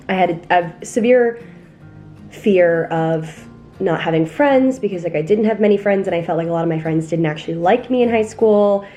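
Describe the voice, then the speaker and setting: A woman's voice: lowish voice, warm tone. A young woman vlogging in a casual, candid and self-deprecating way, rambling through her thoughts at home. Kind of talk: casual confessional vlog talk. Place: apartment in the city.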